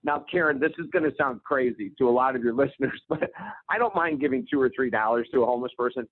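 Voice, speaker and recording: Animated man telling a story on a phone line. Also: mid-range voice, quick pace, husky, no room sound. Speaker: guest author. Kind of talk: storytelling in an interview. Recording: tinny phone line, dry.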